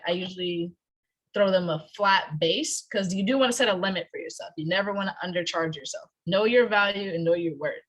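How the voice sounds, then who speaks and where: A woman's voice: mid-range voice, a bit bright, rough recording. A young woman presenting at an online workshop, chatty and emphatic, heard over a video call. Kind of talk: casual online workshop talk.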